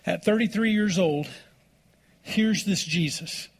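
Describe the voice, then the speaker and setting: A male pastor delivering a sermon, reading scripture aloud and slowing down to stress key words. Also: high-pitched, husky. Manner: slows down for emphasis, reads scripture aloud.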